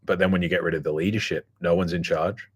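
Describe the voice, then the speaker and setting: Man, very low pitch, casual monologue, blunt, swearing, rambling with fillers. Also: steady tone, quick pace, breathy edge. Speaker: podcast host.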